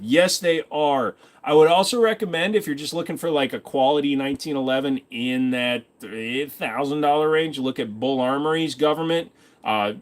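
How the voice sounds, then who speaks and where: A man hosting a casual livestream, reading viewer comments and answering them in a rambling, offhand way. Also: medium pitch. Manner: rambling, offhand, quick asides. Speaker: streamer host.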